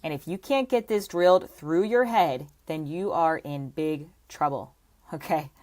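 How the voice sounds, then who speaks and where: Emphatic low-voiced woman fitness coach. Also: unhurried, darkish tone. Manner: emphatic, repeats points with frequent "okay?" and "right?". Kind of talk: teaching to camera.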